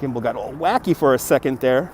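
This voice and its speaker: The speaker, a livestream host from Brooklyn, New York, talks fast in a medium-pitched voice, with a little hiss or hum in the audio. Outdoors by a city river with his phone on a gimbal, he chats casually, reading messages from viewers and thanking donors.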